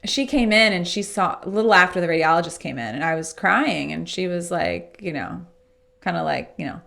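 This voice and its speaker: Woman, podcast guest, lower voice, vocal fry, earnest, reflective, conversational storytelling. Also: brisk. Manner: acts out remembered dialogue in lively voices. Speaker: podcast guest, workplace speaker. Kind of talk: casual interview storytelling.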